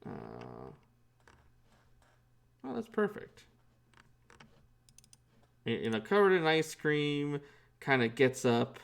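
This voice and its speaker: A man running a tabletop game as game master, narrating haltingly with many fillers. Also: on the high side, huge pitch swings, gravelly, clean tone.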